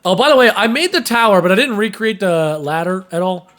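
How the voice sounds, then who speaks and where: Animated, swearing young man telling stories. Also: high voice, brisk. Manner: animated storyteller, swears freely. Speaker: podcast co-host. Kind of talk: casual podcast chat.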